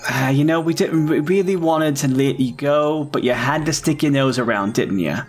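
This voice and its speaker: A man's voice: on the high side, moderate pace, soft background music, lightly acted. A man voicing a sneering male smuggler villain with a taunting, menacing Cockney manner in a tabletop game.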